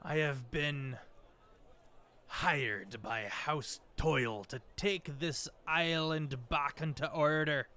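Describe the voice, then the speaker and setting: A man voicing a huge, aggressive male dwarf lord who speaks in a booming, overloud way. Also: bright, forceful tone, slightly rough, full character voice.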